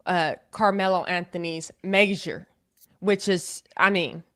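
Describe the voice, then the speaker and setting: A woman with a thick Oklahoma accent delivers blunt, opinionated commentary on a recorded clip. Her voice sits on the low side for a woman. She is direct and unhurried. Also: fairly even intonation. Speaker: online commentator. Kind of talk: video commentary.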